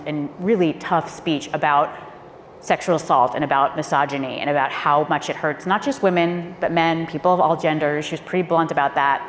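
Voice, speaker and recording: A woman's voice: sits low, a little hiss or hum. A woman, a former speechwriter, telling stories on a panel in a candid, emphatic way. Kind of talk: panel discussion storytelling. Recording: echoey hall with faint ambience.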